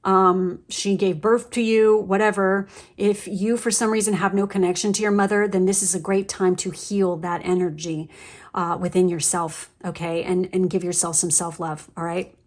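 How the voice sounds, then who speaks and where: A woman's voice: fairly low pitch, level tone, normal speed. A woman giving a casual, emotional tarot reading, chatty with lots of fillers and the odd swear word. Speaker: tarot reader.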